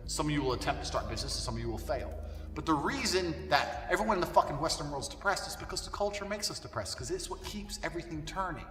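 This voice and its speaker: Profane male ranter, bright and animated, heard from afar with long room echo. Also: a little high, fast talker. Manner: blunt and profane; forceful, swinging between loud and quiet. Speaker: commentator on culture. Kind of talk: ranting monologue. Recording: distant, echoey room with long reverb and faint music.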